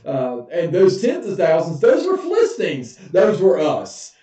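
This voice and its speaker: Folksy preacher, echoing from afar. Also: male voice, fairly high pitch, wildly swooping pitch, a little slow, dark tone. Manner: folksy, humorous, chuckles often. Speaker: pastor. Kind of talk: casual Bible study teaching. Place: church sanctuary. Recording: echoey, dull, far from mic.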